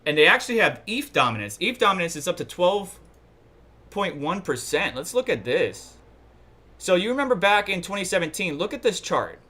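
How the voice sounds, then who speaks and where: A man's voice: high voice, big pitch swings, moderate pace, sharp tone. A man from New York hosting a casual livestream, rambling and thinking aloud while he browses charts and checks chat. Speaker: livestream host.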